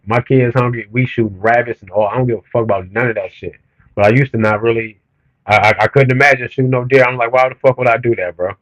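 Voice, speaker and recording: A man's voice: mid-range voice, dry recording, low-quality recording. A man on a livestream, talking to his chat in a blunt, profane, heated rant that keeps building in emphasis. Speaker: streamer reading comments.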